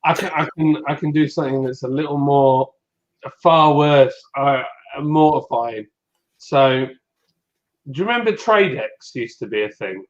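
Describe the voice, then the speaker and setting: A man hosting a podcast, telling stories casually and acting out the people he quotes. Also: unhurried. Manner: animated, acts out quotes in a higher voice. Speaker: podcast host. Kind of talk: casual chat, storytelling. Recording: dull lo-fi audio.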